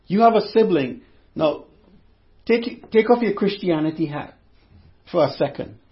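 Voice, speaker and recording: High-voiced male preacher, conversational. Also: expressive, a little slow, dull audio. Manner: conversational, repeats himself, addresses listeners directly. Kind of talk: sermon.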